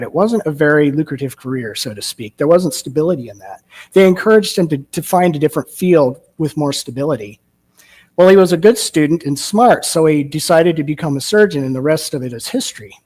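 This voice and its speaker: A man's voice: fairly high pitch, a little fast, breathy edge. Man giving a sermon. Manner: storytelling, warm-paced with rhetorical questions. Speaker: minister. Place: church sanctuary.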